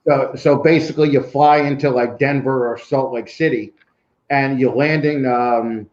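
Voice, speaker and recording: A man's voice: medium pitch, steady tone, moderate pace, darkish tone, dull audio. Profane New York man, echoey line. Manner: profane, rambling storyteller. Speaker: podcast guest. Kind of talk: casual podcast chat.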